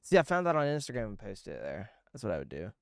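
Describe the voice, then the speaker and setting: A man's voice: fairly low pitch, wildly swooping pitch, fast talker, gravelly, heavy background noise. A young man streaming and chatting loosely with viewers, swearing and getting irritated as he rambles. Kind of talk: casual livestream chat with viewers.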